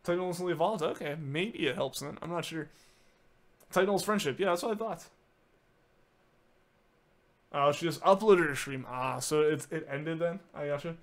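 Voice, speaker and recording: A man with a voice on the high side streams a game, chatting casually and answering viewer messages at a normal speed with long pauses. His talk is full of filler, with lots of "like"s and sentences he restarts.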